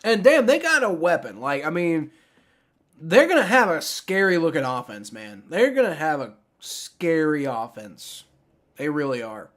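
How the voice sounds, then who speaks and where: A man's voice: on the high side, sing-song, measured pace, fairly bright tone. A young man casually reacting on a live stream, rambling with many restarts and frequent swearing. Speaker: streamer reacting to a sports draft.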